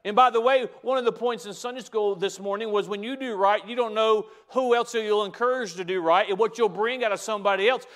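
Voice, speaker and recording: A man with a high voice preaches a sermon in a church. He drops into soft, close asides, then climbs back up to loud, driving emphasis, stacking repeated phrases as he goes. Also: a little fast, few pauses. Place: church sanctuary.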